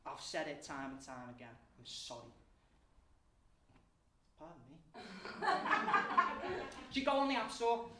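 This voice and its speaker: A man's voice: very high-pitched, a bit bright. Guy ranting crude stand-up at the crowd, echoey room, sounds far from the mic. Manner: crude, profane rant, addressing the crowd. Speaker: comedian. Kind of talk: live stand-up routine. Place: live venue before an audience. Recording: roomy, distant mic, faint noise.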